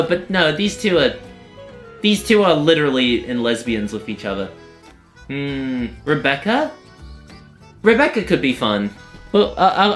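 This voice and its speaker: A streamer with a medium-pitched, slightly bright voice chats casually with viewers during a live stream while playing a game, rambling and often breaking off mid-sentence.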